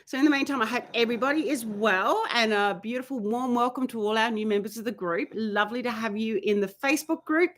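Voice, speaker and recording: A woman's voice: a little high, fast talker, few pauses. A woman who trains horses, hosting a casual weekly live Q&A and talking in a chatty, easygoing way as she reads out a viewer's question. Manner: chatty, often breaking off to scold her dogs. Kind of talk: casual live-stream chat. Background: dogs barking and playing nearby.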